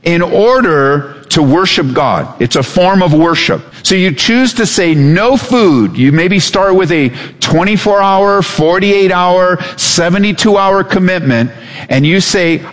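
A male pastor preaching a sermon in a church, animated and acting out voices. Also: sits high, a little slow. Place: church sanctuary. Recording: hall reverb.

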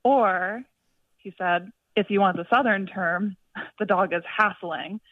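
A woman's voice: medium pitch, slow, dry recording. A woman calling into a radio show, telling a story in a chatty way full of fillers. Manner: chatty, lots of likes and fillers. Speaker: caller. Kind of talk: phone-in chat. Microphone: telephone. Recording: tinny distant phone line.

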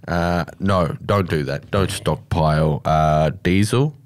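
A man with an Australian accent co-hosting a casual radio show, joking and teasing his partner. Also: sits low. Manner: joking, teasing, quick asides. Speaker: radio co-host.

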